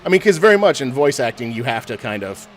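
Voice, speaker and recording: A man in casual voice chat during a game, loose and profane, working through his thoughts out loud. His voice sits in a middle pitch. A faint hum of noise runs behind him. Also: sing-song, fast. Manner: loose, profane, thinking aloud. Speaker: gamer chatting while playing.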